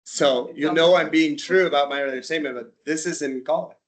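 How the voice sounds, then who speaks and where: A man's voice: on the high side, fairly quick, a little hiss or hum. A man from the United States presenting a casual slide-show talk, a chatty storyteller who acts out little dialogues. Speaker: presenter at an interest group talk.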